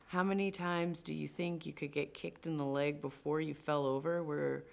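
Low-pitched gravelly woman, chatty. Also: fairly even intonation, normal speed, darkish tone. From North Shore of Massachusetts. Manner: chatty and self-deprecating, laughing often. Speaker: CGI producer. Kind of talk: casual on-camera Q&A.

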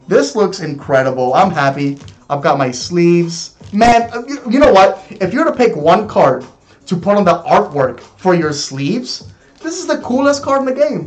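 Excitable male vlogger, slightly high voice, rambling and gushing; faint music underneath. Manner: excitable, gushing, repeats himself. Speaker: card game YouTuber. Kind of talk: excited unboxing vlog.

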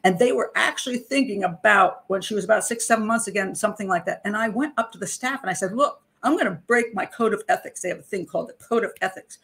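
A middle-aged woman speaks as a criminal profiler recounting a personal case. Her delivery is animated and indignant, punctuated by wry laughter as she makes her points. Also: medium pitch, quick pace, gravelly, few pauses. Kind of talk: personal storytelling commentary.

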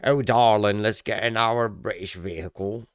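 A man's voice: lowish voice, fairly even intonation, normal speed, no room sound, studio quality, lightly acted. A man putting on a posh British motorist. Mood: mock-posh. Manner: mock-genteel, affected. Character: posh upper-class British motorist, male, adult.

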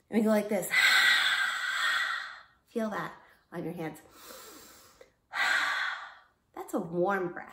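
A woman teaching a children's yoga lesson, gently encouraging young kids through breathing and animal poses. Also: medium pitch, noisy background. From United States. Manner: gentle, encouraging, slow and patient. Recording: very echoey room, voice from far off.

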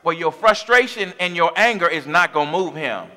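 A man's voice: a little high, animated, normal speed, pushed and bright. A man preaching a sermon as pastor of his church, impassioned, with call-and-response asides to the congregation. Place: church sanctuary.

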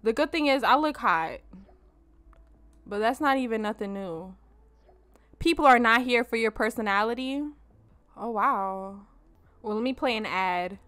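A woman hosting a let's play, giving animated, casual gameplay commentary straight to her viewers and swearing freely. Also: a little high, measured pace, long pauses, clear, resonant tone, dry recording.

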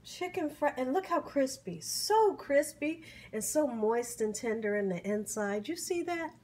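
A woman's voice: sits high, expressive, a little slow. A middle-aged woman filming a casual food-tasting vlog, savoring each bite with hums, whoops and grateful exclamations. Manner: warm churchy exclamations and blessings. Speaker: cooking vlogger.

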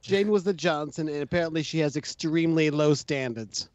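Guy with a high voice joking around while gaming, dry sound. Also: a little fast, a little mellow, dry recording, muffled recording. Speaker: player. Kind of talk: casual gaming chat.

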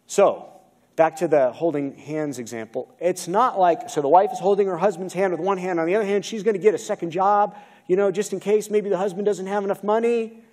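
A pastor's high, slightly mellow voice moves a little fast as he preaches from the pulpit with an American accent, asking the congregation questions along the way. The setting is a church sanctuary, recorded through a video-recorded pulpit mic.

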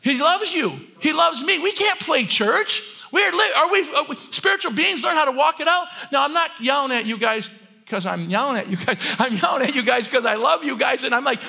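High bright voiced guy preaching, gets loud and fired up then drops soft, lots of restarts. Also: animated, brisk, creaky. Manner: passionate, swings from quiet talk to shouting; many restarts and repeated words. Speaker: church elder and preacher. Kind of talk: sermon.

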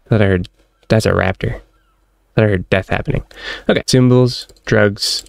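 Male gamer, lowish voice with a rough edge of fry, excitable and laughing as he plays, dry close mic. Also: normal speed, long pauses, dry recording. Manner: excitable, laughing, chatting to his in-game pet. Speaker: gaming channel host. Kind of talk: let's-play commentary.

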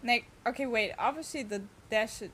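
A woman's voice: on the high side, moderate pace, a bit bright, a little hiss or hum. A young woman, chatting and exclaiming as she streams a game. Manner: chatty, exclaiming, talks to chat. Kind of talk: casual gameplay commentary.

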